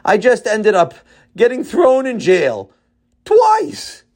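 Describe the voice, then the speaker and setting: A man voicing a bumbling adult man who thinks he is a great tzaddik, in a high, whiny, emotional voice. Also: wildly swooping pitch, moderate pace. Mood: sobbing.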